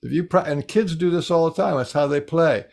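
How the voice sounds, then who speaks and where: A man's voice: fairly high pitch, a little fast, creaky. A man on a talk show, demonstrating something eagerly and restarting his sentences often. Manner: animated demonstrating with frequent restarts. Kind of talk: casual chat.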